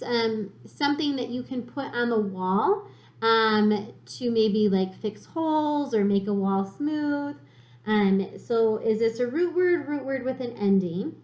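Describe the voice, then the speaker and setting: A woman teaching a third grade reading lesson, patiently sounding words out syllable by syllable. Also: on the high side. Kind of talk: slow spelling lesson for children. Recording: echoey room.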